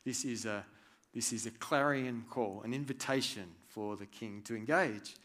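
A man preaching a sermon, reading scripture aloud and swinging between hushed and loud, animated delivery. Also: medium pitch, moderate pace. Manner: reads scripture aloud with feeling.

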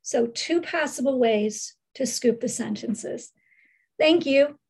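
Slow, high-voiced woman teaching reading. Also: darkish tone, husky, low-quality recording. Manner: slow, deliberate, reads sample sentences in careful phrases. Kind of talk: instructional lesson explaining reading drills. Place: screen-share recording.

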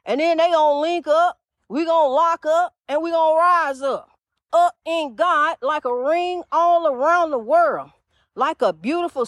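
A woman with a high voice runs her own faith-talk podcast in a loose, chatty style, preaching to her listeners and calling them honey. The recording is dry and close, with almost no room sound. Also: measured pace, no room sound. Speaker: podcast host.

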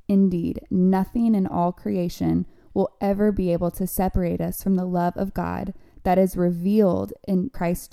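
Earnest woman with a dark, gravelly voice. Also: lowish voice, little pitch movement, normal speed, few pauses. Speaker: podcast co-host. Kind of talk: reading a devotional aloud.

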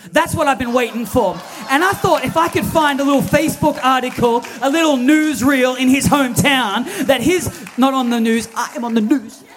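A man, preaching a sermon as lead pastor, telling stories animatedly with quoted dialogue. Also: very high voice.

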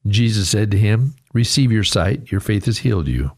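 A man preaching a radio sermon, earnest and conversational, his pitch rising sharply when he voices a quoted cry. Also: lively intonation, moderate pace, a little mellow, breathy edge. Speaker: radio pastor.

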